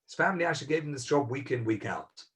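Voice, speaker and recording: A rabbi tells a story sermon-style over a video call, earnest and emphatic, repeating key words and acting out quoted dialogue. He talks fast in an expressive, mid-range voice with a fairly bright tone.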